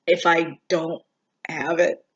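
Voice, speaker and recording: A vlogger talks through a casual personal update at a middling pitch. The delivery is subdued and halting, with frequent pauses and fillers. The recording sounds dull and lo-fi. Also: level tone, a bit bright, husky. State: struggling emotionally, near tears.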